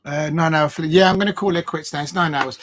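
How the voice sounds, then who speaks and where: A man hosts a late-night football stream from home. His voice sits a bit high. He rambles and laughs, sounding out of breath. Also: fairly even intonation, fast talker, fairly bright tone. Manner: chatty and rambling, laughing between tries at headers. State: tired and short of breath. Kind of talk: live watch-along stream chat.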